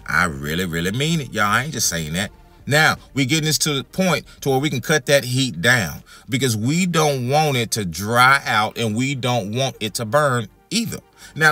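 A man's voice: a little high, bright, forceful tone, dry recording. A man hosting a home cooking demonstration in his kitchen, talking folksy and calling his viewers y'all and family. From Texas. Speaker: home cooking channel host.

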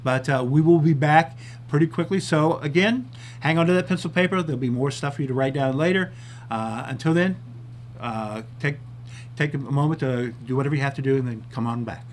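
A man's voice: medium pitch, brisk, slight background noise. A man hosting his own TV talk show, chatting casually and a bit self-deprecatingly, sometimes out of breath. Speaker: TV show host.

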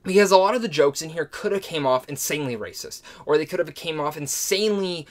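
A man's voice: on the high side, expressive, fast talker. A man giving a casual spoken film review, enthusiastic and gushing in his praise. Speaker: movie reviewer.

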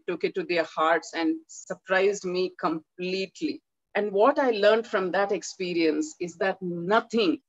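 A woman, speaking at a middling pitch, tells stories from the stage and jumps into lively voices for the people she quotes. Her voice sounds dry and a little muffled, as if from a lo-fi recording. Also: no echo. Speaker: author giving a talk. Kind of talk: animated storytelling talk.

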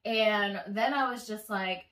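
A woman's voice: mid-range voice, slow, distant mic. Chatty woman vlogger in an echoey room. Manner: chatty, animated, swears freely. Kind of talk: casual storytelling to camera. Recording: echoey room, voice slightly off-mic.

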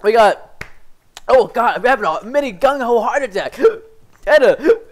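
A young man giving excitable live commentary over his own gameplay, swinging between frustration and excited yelps. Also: very high voice, measured pace. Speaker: gaming commentator.

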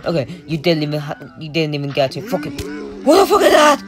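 A young gamer giving casual, excitable commentary on play, swearing often and breaking into silly singing. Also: mid-range voice, fast talker, music in the background. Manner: excitable, swears a lot, sings and squeals. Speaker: gameplay commentator.

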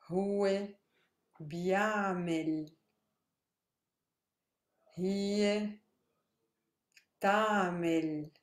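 Woman language teacher, unhurried, breaks words into syllables, echoey room. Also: lowish voice, fairly even intonation. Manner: spells out syllables slowly, checks in with "right?". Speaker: Arabic teacher. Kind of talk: slow explanatory lesson.

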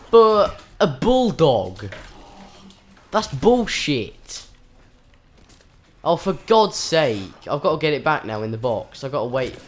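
A man commentating his own game live, swearing often, with frustrated outbursts and panicked yelps. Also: fairly high pitch. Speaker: gaming channel host.

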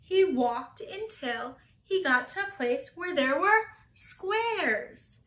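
A woman's voice: high-pitched, lively intonation, takes it slowly, fairly bright tone, reverberant. A woman teacher reading a picture book aloud to children, asking them questions and gasping for effect.

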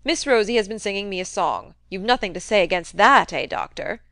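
A woman reading the part of a crusty, teasing old rich man in a loud, gruff voice. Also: medium pitch, animated, a little fast, no echo, studio quality.

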